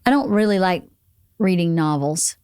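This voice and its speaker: A woman hosting a casual podcast book club chat, playful and quick to joke. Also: lowish voice, lively intonation, darkish tone, clean tone, dry recording, studio quality. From American South. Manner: playful, jokey, laughs often. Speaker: podcast host.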